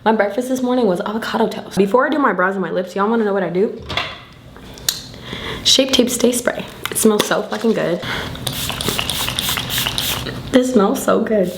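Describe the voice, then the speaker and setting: A woman's voice: medium pitch, brisk, echoey room, noisy background. A tipsy young woman rambling loosely through a get-ready-with-me vlog, slangy and full of swearing. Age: young adult. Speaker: beauty vlogger.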